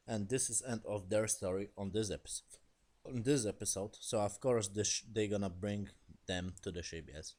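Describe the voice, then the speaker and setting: Rambling man recapping a show. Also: on the low side. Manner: rambling, swears casually, frequent "basically" and "yes?". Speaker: TV series reviewer. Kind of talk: casual spoken episode recap.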